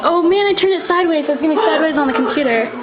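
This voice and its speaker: A woman filming a family surprise on her phone, excited and quick with her asides. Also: high voice, dull audio, very noisy. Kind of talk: casual home video.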